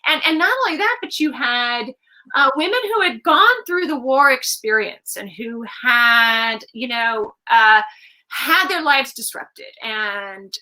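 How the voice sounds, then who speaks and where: A woman with a high, bright voice talks about her novel over a video call. She rambles warmly through fillers and restarts, as if chatting with a friend. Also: expressive, unhurried, rough recording. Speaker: author guest. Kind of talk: conversational book event on a video call.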